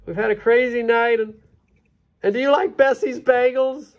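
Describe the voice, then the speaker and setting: A man's voice: very high voice, steady tone, moderate pace, voice pushed up. A man voicing a nervous male traveler who pleads in a raised voice. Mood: panicky.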